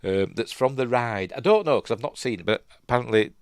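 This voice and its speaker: A man's voice: mid-range voice, animated, fairly quick, clean tone, no echo, studio quality. A man with a Yorkshire accent giving casual, rambling commentary on a film as he watches, chatty and prone to tangents. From Yorkshire, England. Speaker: film reviewer, channel host.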